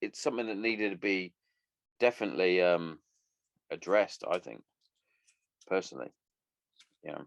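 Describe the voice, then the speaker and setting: A man's voice: low voice, animated, moderate pace, gravelly, pauses often, dry recording. A man in his thirties hosting a solo podcast, rambling and swearing casually as he chats. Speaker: podcast host.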